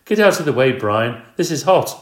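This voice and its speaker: A man's voice: medium pitch, big pitch swings, brisk, voice pushed up, natural voice. A man doing a bossy, fed-up eldest sister. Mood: scolding. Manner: sharp, scolding. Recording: roomy echo.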